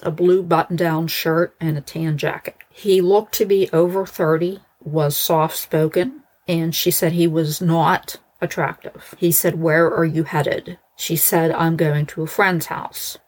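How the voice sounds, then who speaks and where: A woman casually recounting a true crime case as a podcast host, chatty and conversational. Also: low-pitched. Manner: conversational, lots of "like" and "so he goes". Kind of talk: casual storytelling narration.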